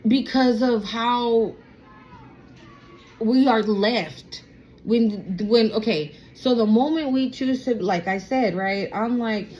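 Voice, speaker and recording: A woman's voice: fairly high pitch, slow pace, darkish tone, muffled recording, slight background noise. Sassy woman, blunt casual spiritual vlog. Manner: sassy, blunt, swears freely with slang. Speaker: tarot reader.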